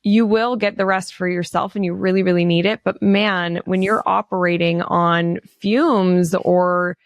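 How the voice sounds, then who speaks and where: A woman's voice: lowish voice, fairly even intonation, unhurried, no room sound. A woman hosting a podcast interview, chatty and loose, with lots of "like". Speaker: podcast host.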